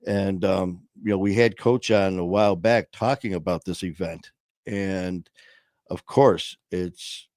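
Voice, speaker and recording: Low-voiced man telling a story on a livestream. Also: measured pace, no echo, studio quality. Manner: animated, acts out quotes in a raised voice. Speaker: co-host of a livestream show. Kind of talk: casual storytelling chat.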